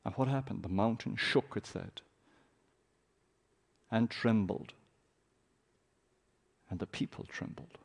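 A man's voice: on the low side, takes it slowly, vocal fry, long pauses, breathy edge. A man preaching a sermon, reading scripture aloud with a dramatic, raised voice.

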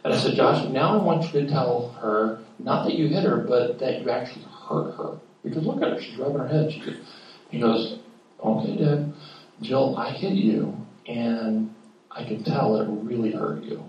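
Middle-aged pastor preaching in an echoey church. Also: male voice, mid-range voice, moderate pace, a little mellow, muffled recording. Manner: conversational storytelling, acts out family dialogue. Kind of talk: sermon. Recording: echoey room, mic at a distance.

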